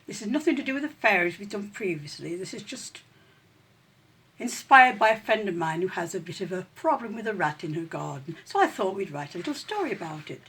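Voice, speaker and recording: A woman reading a children's story aloud in an expressive, animated way. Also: medium pitch, husky.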